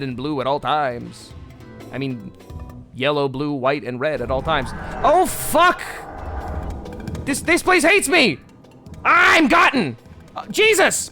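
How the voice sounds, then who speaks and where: Excitable sweary young streamer guy, bright voice, jumps all over, game music faint behind. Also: medium pitch. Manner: excitable, swears a lot, breaks into screams. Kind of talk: gaming commentary.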